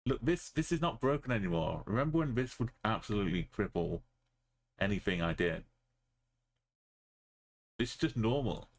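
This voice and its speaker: A man streaming a map game, talking in a rambling, jokey way. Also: on the low side. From Britain. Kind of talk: casual gaming commentary.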